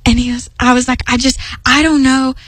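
A woman's voice: sits high, little pitch movement, fairly quick, fairly bright tone, dry recording, rough recording. A young woman speaking earnestly about faith in a personal devotional talk, emphatic and rambling with restarts. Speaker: Christian speaker.

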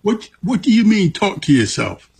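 A man hosting an interview, asking questions in a slow, deliberate way. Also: sits high, big pitch swings, vocal fry, darkish tone, husky. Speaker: host.

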